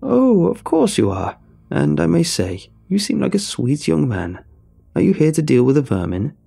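A squawking, shrewd old woman with a rambling, snappish manner, as a male storyteller puts her on. The voice sits high and lively above a low, gravelly base, and soft music plays behind. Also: moderate pace, heavily acted.

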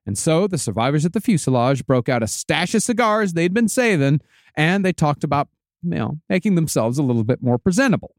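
A man's voice: fairly high pitch, sing-song, a little fast, no echo, studio quality. A man hosting a podcast, telling a story in a laid-back way, swearing casually and laughing often.

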